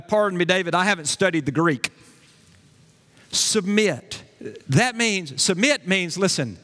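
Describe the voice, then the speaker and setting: A man's voice: fairly high pitch, fairly bright tone. A male pastor preaching a sermon, emphatic, repeating key phrases and asking his congregation questions. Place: church sanctuary. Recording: long hall reverb.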